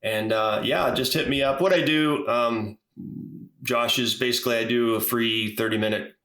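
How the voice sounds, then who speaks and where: A man who works as a business coach, a guest on a podcast, telling stories in a relaxed, casual way. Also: medium pitch, moderate pace, roomy sound. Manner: storytelling, relaxed, uses fillers like you know.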